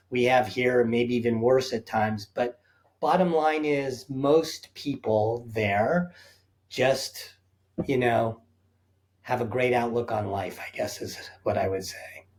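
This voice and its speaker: Male guest, earnest and reflective, middle-pitched voice, explains in numbered points. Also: fairly even intonation, slow pace, darkish tone. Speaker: guest, safari company founder. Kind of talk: conversational interview answers.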